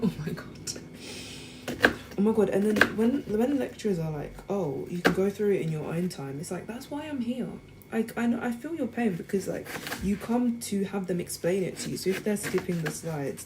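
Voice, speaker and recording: A young woman in her twenties, chatting casually to viewers while she cooks. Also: fairly low pitch. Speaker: student vlogger. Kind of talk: casual chat while cooking. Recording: loud background noise.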